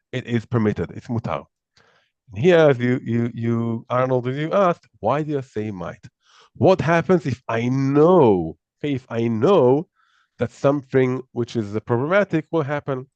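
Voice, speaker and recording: A man teaching a class, with a lively, rising and falling voice that keeps stumbling into repeated words and fresh starts. The sound is dry and a little muffled, with no room echo. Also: mid-range voice, normal speed. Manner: hesitant, repeats words, restarts often. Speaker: Torah teacher. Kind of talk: live class lecture.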